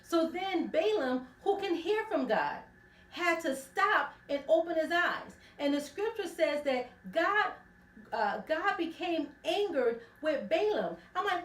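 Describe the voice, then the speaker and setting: A woman with a high voice teaches from scripture in an easy, conversational way, acting out each character's lines as she goes. She sounds set back from the microphone in a roomy space, and the echo hangs around her words. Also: slow pace, distant mic. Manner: animated storytelling, acting out the characters in the story. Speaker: radio ministry host.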